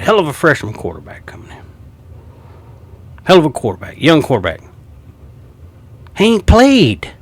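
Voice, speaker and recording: A man in his fifties with a drawl delivers a heated, mocking sports rant. His pitch leaps and dips with every jab. The sound is dry and close, with no room around it. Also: no room sound. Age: 50s. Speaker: sports commentator. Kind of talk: ranting sports commentary.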